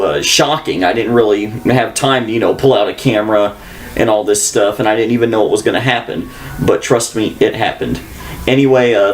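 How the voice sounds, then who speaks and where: A man's voice: lowish voice, low-quality recording. A man hosting a podcast, telling a story in a rambling, casual way. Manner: rambling, animated, with restarts. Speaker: podcast host.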